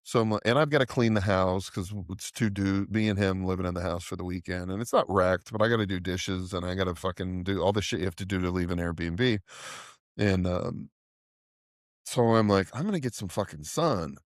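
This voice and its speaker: A middle-aged man with a fairly low voice tells a long, profane story on a casual podcast, rambling and laughing as he goes. The sound is dry and close, with no room around it. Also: steady tone, a little fast, dry recording. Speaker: podcast co-host.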